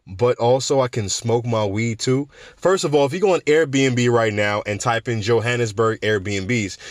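A man's voice: mid-range voice, no room sound. A young man from New York hosting a podcast, rambling through casual stories with restarts and laughs. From New York City. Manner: rambling, animated storytelling with frequent restarts and laughs. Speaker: podcast host.

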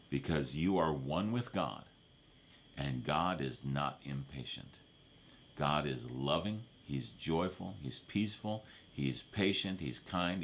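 Low-voiced male pastor, chatty sermon delivery, checks in with listeners. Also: a little hiss or hum. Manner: repeats verses, asks for amens, conversational preaching.

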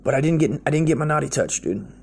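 A man's voice: a little high, expressive, fast talker, creaky, slightly rough. An American man giving a rambling, profane comedic monologue, blunt and crude, peppering his talk with slang like "dude". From United States.

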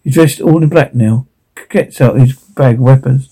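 Gravelly man retelling a TV episode. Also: mid-range voice, moderate pace, dark tone, poor audio. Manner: loose, stumbling, with frequent restarts. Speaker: narrator.

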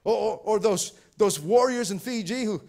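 A male pastor preaching a sermon, stammering and repeating words, building to shouted fervor. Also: high voice, moderate pace, vocal fry, slight background noise. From Pacific Islands. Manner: repetitive stammering restarts, rising to shouting fervor.

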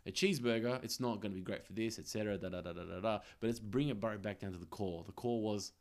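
A man chatting casually on a podcast, rambling and joking, acting out little scenes. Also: lowish voice. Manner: rambling, jokey, acts out scenes in quick voices. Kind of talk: casual chat.

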